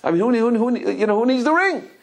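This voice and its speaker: A man's voice: very high voice, lively intonation, fast talker, vocal fry, pitched above the performer's own voice, full character voice. A man voicing an anxious, fussy young groom who talks in a frantic, insistent way over the phone. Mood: indignant.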